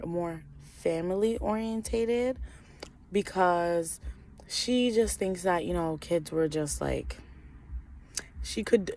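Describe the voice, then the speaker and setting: Young adult woman vlogger, chatty outdoor storytelling, slightly low pitch. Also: vocal fry, a little mellow, slight background noise. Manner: chatty, lots of fillers and "like". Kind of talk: casual storytime vlog.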